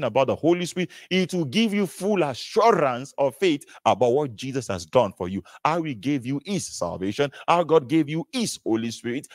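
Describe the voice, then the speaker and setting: Preaching a sermon, this man leans on lively, repetitive emphasis and keeps posing rhetorical questions. As he presses every point, his pitch climbs and drops over a wide range. There is no room echo; the sound is dry.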